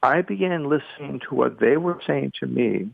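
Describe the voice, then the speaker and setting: Gravelly older man on a phone line. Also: mid-range voice, moderate pace, no room sound. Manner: lively storyteller, acts out quotes. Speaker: guest speaker. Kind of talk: podcast interview storytelling.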